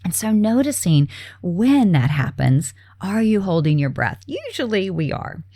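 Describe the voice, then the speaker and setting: A woman hosts her podcast in an easygoing, chatty way, full of little fillers and soft laughs. Her voice sits low with a gravelly edge. The sound is dry and close, with no room around it. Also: big pitch swings, unhurried, no room sound. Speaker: podcast host. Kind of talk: casual self-care talk.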